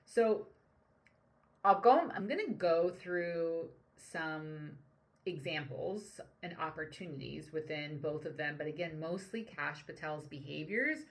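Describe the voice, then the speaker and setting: A woman's voice: low voice, expressive, takes it slowly. A woman coach hosting her own show, analyzing leadership behavior in a reflective, casual commentary style with frequent fillers. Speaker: leadership coach and podcast host. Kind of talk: solo commentary on current events.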